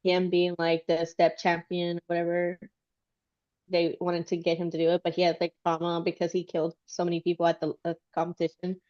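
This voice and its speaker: A woman's voice: fairly low pitch, monotone, a little fast, darkish tone, lo-fi sound. A woman chatting casually and rambling, with lots of fillers and giggles. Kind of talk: casual chat.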